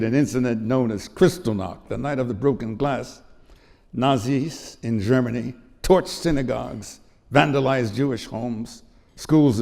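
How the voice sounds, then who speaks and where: A man's voice: mid-range voice, gravelly, warm tone. A man in his eighties giving an emotional speech at an award event, telling stories with repetitions. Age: 80s. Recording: long hall reverb.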